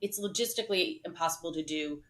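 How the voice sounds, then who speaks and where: A woman's voice: fairly low pitch, quick pace, rough recording. Chatty woman compliance consultant. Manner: animated, many "like" and "right?" fillers. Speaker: dental compliance consultant guest. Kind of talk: casual podcast chat.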